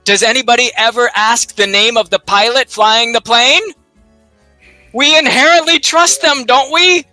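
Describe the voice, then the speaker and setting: Bright, lively male host with rhetorical questions. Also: very high-pitched, moderate pace, dry recording, faint music behind. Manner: animated, peppers talk with rhetorical questions and jokes. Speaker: librarian co-host of a live research show. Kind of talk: casual live instructional chat.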